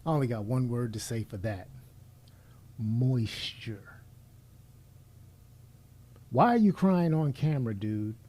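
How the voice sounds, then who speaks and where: A man's voice: mid-range voice, expressive, brisk, few pauses, warm tone. A middle-aged man delivering a blunt, preachy opinion monologue, speaking straight to the person he is criticizing. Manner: blunt and preachy, addressing his subject directly. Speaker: commentator.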